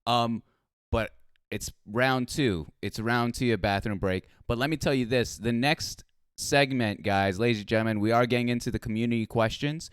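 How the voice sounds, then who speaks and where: A man's voice: mid-range voice, moderate pace, clean tone, no echo, clean studio sound. A man hosting a casual streamed interview, laid-back and easygoing, with plenty of affirming fillers. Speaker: host.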